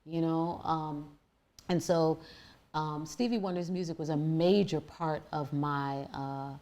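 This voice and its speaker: Woman, deep voice, low-pitched, reflective, earnest, halting restarts, podcast guest. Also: fairly even intonation, warm tone. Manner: earnest, searching, many restarts and fillers. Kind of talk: reflective conversational storytelling.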